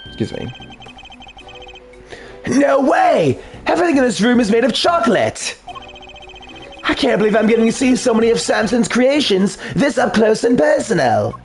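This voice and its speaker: A man's voice: very high voice, wildly swooping pitch, unhurried, faint music behind, pitched above the performer's own voice, exaggerated voice. A man doing Eddie, an eager young assistant. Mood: excited. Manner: bright, eager, easily thrilled.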